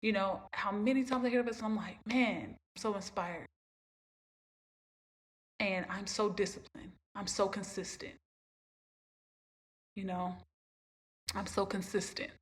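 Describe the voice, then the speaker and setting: Unhurried and pausing at length, a woman hosting a podcast preaches encouragement to her audience through emphatic, repetitive stories about her own life. Her mid-range voice keeps a fairly even intonation.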